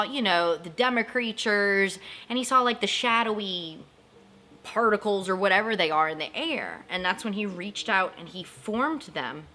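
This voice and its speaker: A woman hosting a casual TV recap, chatty and emotionally invested, acting out characters' lines in quick asides. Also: medium pitch, sharp tone. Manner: emotionally invested, jokes about crying. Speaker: host of a TV recap channel.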